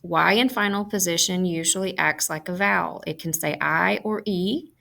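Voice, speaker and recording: A woman giving a scripted phonics lesson, explaining sounds slowly and clearly. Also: lowish voice, bright, forceful tone, low-quality recording. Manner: slow, clear teaching delivery. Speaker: reading teacher.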